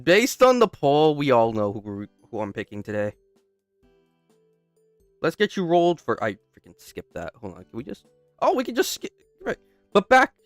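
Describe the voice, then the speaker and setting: Young male gamer, casual read-aloud playthrough, self-interrupting with jokey asides, smooth resonant voice, dry close mic. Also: on the high side, dry recording. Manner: stops and restarts, breaks off into joking asides. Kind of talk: casual playthrough commentary, reading game text aloud.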